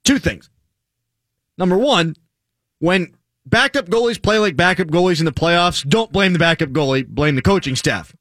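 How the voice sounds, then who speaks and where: A man hosting a sports talk radio show, sarcastic and animated, reading stats with mock drama in casual banter. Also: high-pitched, moderate pace, no room sound, clean studio sound.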